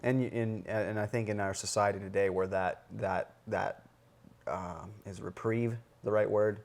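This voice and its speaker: A man hosting a casual podcast, with a fairly low voice and a gravelly, fry-heavy edge. He talks with eager enthusiasm, often reaching for the right word. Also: fairly even intonation, a little slow. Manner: enthusiastic, searching for words, lots of "like" and "yeah". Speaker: podcast host.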